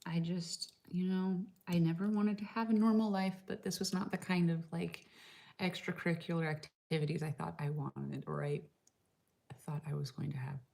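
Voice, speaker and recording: Casting note: woman vlogger, low gravelly voice, chatty, lots of "like", slips into whispers. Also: fairly even intonation, normal speed, a little mellow. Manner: chatty, frequent "like" fillers, drops into whispers. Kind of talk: casual vlog chat. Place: home in Slovenia.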